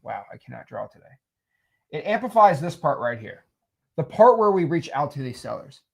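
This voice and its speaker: A man casually teaching real estate wholesaling while sketching, animated and salesy. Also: a little high, normal speed, gravelly, husky. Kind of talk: casual whiteboard explainer.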